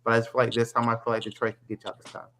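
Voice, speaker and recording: A man's voice: medium pitch, completely flat delivery, racing, fairly bright tone. Laid-back man hosting a sports podcast. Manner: laid-back, loose, laughs a lot, lots of "you know what I'm saying". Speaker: podcast host. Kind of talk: casual sports talk.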